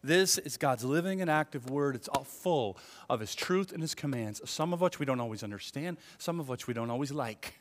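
A man preaching a sermon as a pastor, talking in a conversational, animated way and acting out inner thoughts. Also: medium pitch, fairly quick, few pauses, background noise. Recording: long reverb of a church hall.

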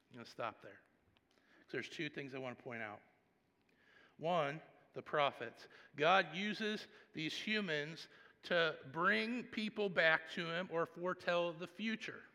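A man preaching as a pastor. He tells stories conversationally, and his loudness swings from hushed to loud. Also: on the high side, unhurried, big-room sound. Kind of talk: sermon.

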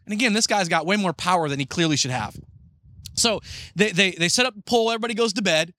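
A man preaching a sermon as pastor, retelling a story and acting out the characters' lines in a lively way. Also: high voice, fast, no room sound.

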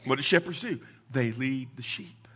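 A man preaching a sermon as a pastor, emphatic and quick with asides, asking his listeners questions and answering them himself. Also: mid-range voice, husky. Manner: emphatic, call-and-response questions; rapid asides, voice swings from loud to hushed.

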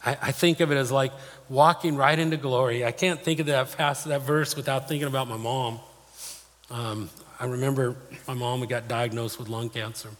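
A man's voice: medium pitch, steady tone, moderate pace, a bit bright. Male pastor, sermon, plain-spoken storyteller, mid-range voice, long hall echo. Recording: long reverb of a large hall.

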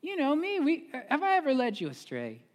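A male pastor voicing a nagging, pleading young woman in a high, whiny falsetto. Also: huge pitch swings, fairly quick, long reverb tail, heavily acted.

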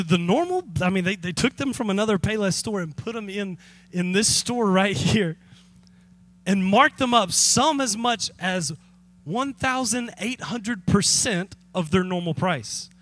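A man preaching as a pastor, telling a story in a lively, conversational way with direct appeals to the congregation. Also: sits high, a little slow. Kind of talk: sermon.

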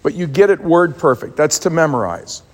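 A man's voice: fairly high pitch, lively intonation, normal speed, in a large hall. A man preaching a sermon as a pastor, telling stories with emphatic repeated words.

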